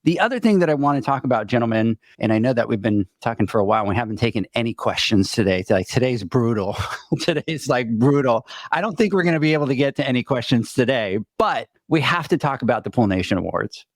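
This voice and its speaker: A middle-aged man hosting a podcast over a video call, talking fast and rambling while he is still out of breath. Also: mid-range voice, very animated, no room sound, studio quality. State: winded. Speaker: podcast host. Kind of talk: casual chat.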